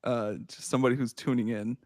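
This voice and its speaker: A man's voice: fast talker, dry recording, studio quality. A man in his thirties, hosting a podcast in casual chat, telling stories with big swings, laughing and swearing. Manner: animated storytelling, swearing, laughing, shouting at highs. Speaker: podcast host.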